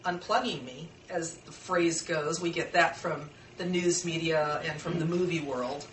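A woman's voice: deep voice, unhurried, a little hiss or hum. An older woman presenting an informal workshop, speaking earnestly and conversationally, and acting out the voices of family members. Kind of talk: informal class talk. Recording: echoey room from far off.

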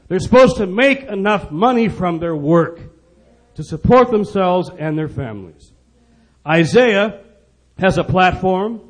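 A middle-aged man preaching an impassioned sermon, pressing his points with repetition and loud emphasis. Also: high-pitched. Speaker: preacher speaking on poverty. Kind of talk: sermon-style speech.

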